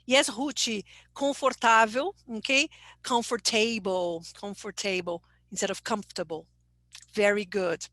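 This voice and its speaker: A woman whose first language is Portuguese, speaking English with a Brazilian accent, gives an encouraging online presentation to teachers and keeps checking in with a quick "okay?". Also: on the high side, fairly bright tone, no room sound.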